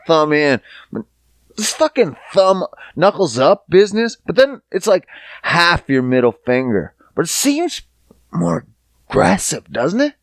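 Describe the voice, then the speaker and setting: A man hosting a podcast, telling profane, animated stories in a casual comedic rant, sometimes putting on voices. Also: on the high side, no room sound. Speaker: podcast host. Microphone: podcast studio mic.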